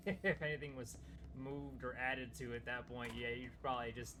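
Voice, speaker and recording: A man thinking out loud as he plays through a game on stream, relaxed and chatty. His voice is mid-pitched, with clear game noise underneath the commentary. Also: moderate pace. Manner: relaxed, musing aloud. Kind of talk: casual gameplay commentary.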